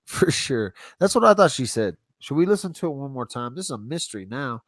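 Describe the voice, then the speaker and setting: A man hosts a livestream in a loose, easygoing way, dropping casual slang and thinking out loud. His voice sits at an ordinary pitch. The sound is dry and close. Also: expressive, brisk, dry recording. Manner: rambling, laid-back, talks to himself while browsing; casual slang, says y'all. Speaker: YouTube channel host.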